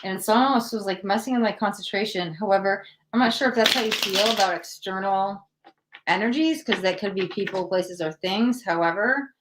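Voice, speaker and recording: A chatty woman runs a live-stream tarot reading, talking in a lively, easygoing way. Her voice sits at a middle pitch. A faint hiss of background noise runs under the recording. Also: a little fast. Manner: chatty, animated, acts out quoted voices. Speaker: tarot reader.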